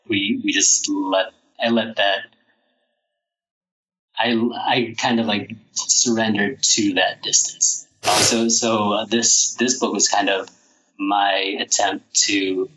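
A man speaking as a podcast guest about his book, halting and reflective with many restarts. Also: on the low side, flat delivery, sharp tone, rough recording. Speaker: author guest. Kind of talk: podcast interview.

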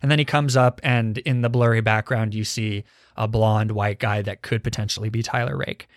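A man's voice: fairly low pitch, steady tone, moderate pace, dry recording, studio quality. A young man hosting a casual film review podcast, leading the talk and asking his co-hosts questions, candid and swearing now and then. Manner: leads the discussion, poses questions. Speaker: podcast host.

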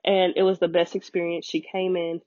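A woman, hosting a podcast and telling a personal story in an animated way, acting out quoted voices and getting emotional. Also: normal speed, no echo, dull audio. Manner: animated storyteller, acts out quoted voices with big pitch jumps, laughs often. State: emotional, near tears at times. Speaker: podcast host.

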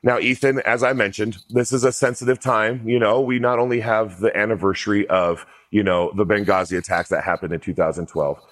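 Male podcast host, low voice, dry close sound, easygoing and chatty. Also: steady tone, brisk, few pauses, fairly bright tone, no echo. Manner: loose, conversational, many fillers and restarts. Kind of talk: casual interview.

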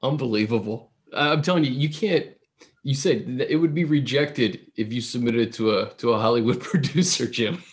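A man's voice: medium pitch, normal speed. Stammering male interview host. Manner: stammering restarts, eager. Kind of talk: casual interview.

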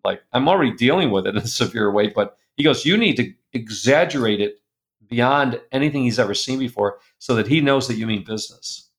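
A middle-aged man telling a personal story as a guest, earnest and confessional, going soft and quiet at the painful parts. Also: medium pitch, lively intonation, fairly quick. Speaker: guest speaker.

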